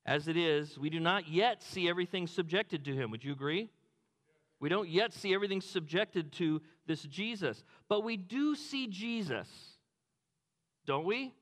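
A man preaching a sermon, animated, acting out quotes with a dropped low voice. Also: normal speed, in a large hall. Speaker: pastor.

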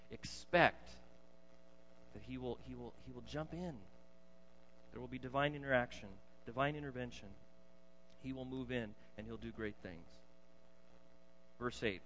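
A man preaching a sermon, swinging between loud emphatic bursts and quiet low asides. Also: slight background noise. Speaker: pastor. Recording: dull lo-fi sound in a reverberant hall.

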